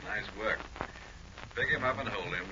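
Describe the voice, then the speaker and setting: A blunt, brisk police captain, played by a man in a vintage radio drama. His voice is very deep. The old recording is muffled, with a clear hiss. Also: natural voice. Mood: blunt, warning. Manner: brisk and matter-of-fact. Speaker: police captain calling by phone. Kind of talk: 1940s radio acting.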